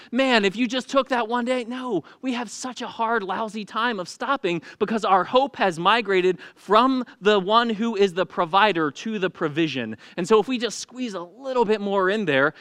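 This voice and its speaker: A man's voice: high voice, fairly bright tone, no echo, clean studio sound. A man preaching a sermon in a casual, humorous storytelling manner, acting out the people he quotes. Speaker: pastor.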